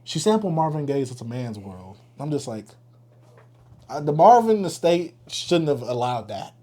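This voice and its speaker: A young man co-hosting a podcast, giving animated, opinionated takes and laughing often in casual chat. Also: medium pitch, moderate pace. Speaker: podcast co-host.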